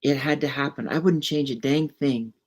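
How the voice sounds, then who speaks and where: A woman's voice: extremely low pitch, moderate pace, slightly rough. A woman hosting a podcast, musing and telling stories in casual conversation, often restarting her phrases. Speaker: podcast host.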